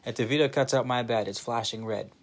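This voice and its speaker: A young man hosting his own channel, speaking an informal monologue to camera. He is animated, swears freely and often restarts his sentences. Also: medium pitch, quick pace. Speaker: channel host. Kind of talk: casual spoken monologue to camera.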